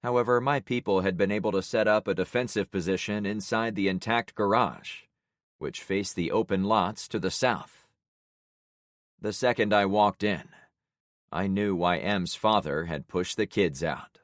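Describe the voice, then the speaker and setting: An audiobook narrator with a lowish voice reads a survival story in the first person, delivering it steadily and gravely at a moderate pace. The recording is dry and close, with no room sound.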